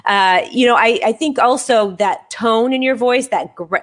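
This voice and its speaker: A woman hosting an interview show who talks reflectively and is self-deprecating, with many halting restarts. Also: a little high. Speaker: show host. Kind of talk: casual interview chat.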